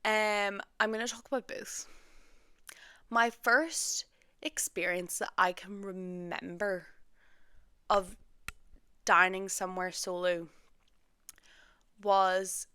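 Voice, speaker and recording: A bright-voiced young woman hosts her own podcast in loose, chatty talk. She is self-deprecating and says "like" again and again. The recording is close and dry. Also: medium pitch, fairly even intonation, slow, pauses often, clean tone, dry recording. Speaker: podcast host. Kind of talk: casual solo podcast chat.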